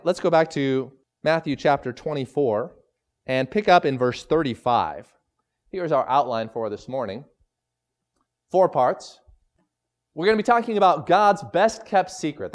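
A man preaching a sermon as pastor, emphatic, slowing down to stress scripture quotes. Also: mid-range voice.

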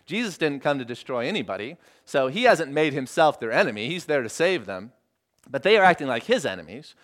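A male pastor delivers a sermon in an emphatic, explanatory way. His voice sits fairly high and moves a great deal in pitch as he stresses his points. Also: fairly bright tone.

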